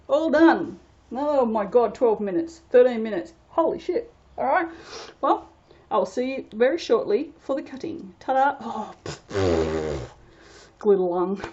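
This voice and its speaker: Chatting as she works through her soap-making vlog, this woman rambles along and pokes fun at herself. The audio sounds dull, and her medium-pitched voice is a little mellow.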